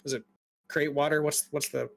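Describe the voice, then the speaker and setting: Guy dming a tabletop game, chill descriptive talk, bit high voice. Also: normal speed, gravelly. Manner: relaxed, descriptive, with frequent ums. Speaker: game master.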